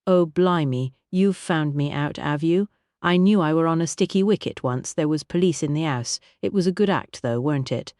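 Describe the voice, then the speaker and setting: A woman's voice: low-pitched, normal speed, darkish tone, no echo, studio quality, natural voice. A woman voicing a short, rotund working-class army cook who drops his aitches and talks in slang. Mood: sheepish. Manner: dropped aitches, slangy, sheepish.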